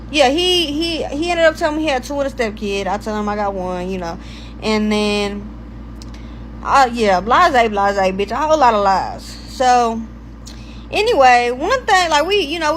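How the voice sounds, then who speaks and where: A young woman with a high voice tells a personal story straight to her audience. Her delivery is loose and full of swearing, and she drifts off track and asks herself where she was. There is a faint hiss under her voice. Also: expressive, normal speed, low-quality recording. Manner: profane, rambling, loses her place. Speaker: storytime vlogger. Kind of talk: casual storytime monologue.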